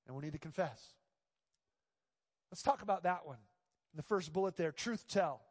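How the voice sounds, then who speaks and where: Male pastor, sermon, storytelling delivery, emphatic repetition, high voice, long reverb. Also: normal speed, long pauses.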